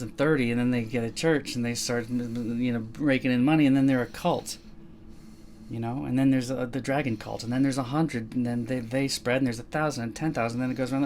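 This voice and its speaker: A man's voice: medium pitch, a little mellow, a little hiss or hum. A man co-hosting a casual podcast, rambling and restarting as he explains an idea and acts out bits of dialogue. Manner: rambling, self-correcting, acts out quoted dialogue. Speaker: podcast co-host.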